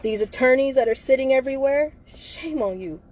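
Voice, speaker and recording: A woman holds forth in a live video monologue. Her voice sits a little high but sounds mellow and warm. She talks fervently and keeps circling back to rhetorical questions. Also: expressive, brisk. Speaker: livestreamer.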